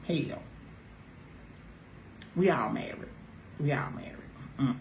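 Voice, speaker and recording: A woman with a lowish voice chats casually on a talk panel, teasing her friends and swinging from loud outbursts to quiet mutters. The room echoes noticeably, with a faint hiss underneath. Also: unhurried, long pauses. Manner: animated, teasing, swings between loud exclamations and low asides. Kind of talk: casual group chat. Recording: roomy echo with faint noise.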